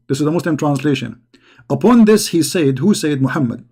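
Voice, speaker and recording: A man's voice: on the high side, expressive, a little fast, mellow, breathy edge. A man giving combative commentary, mocking and challenging his opponents in broken English. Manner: mocking, challenging, non-native grammar.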